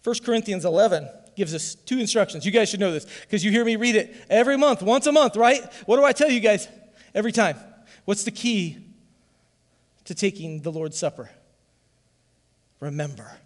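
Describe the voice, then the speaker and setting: A man preaching a sermon to his church as its pastor, fervent, often swelling into loud calls for the congregation to join in. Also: high-pitched, moderate pace, long pauses, in a large hall.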